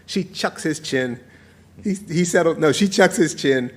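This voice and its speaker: A man in his forties reading his own essay aloud to an audience, with playful, warm storytelling and frequent laughter. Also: a little high, animated, moderate pace. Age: 40s. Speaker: author.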